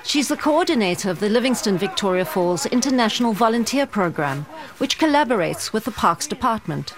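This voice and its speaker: A woman narrating a news report in a measured, scripted way. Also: medium pitch, animated. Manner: measured, clear storytelling.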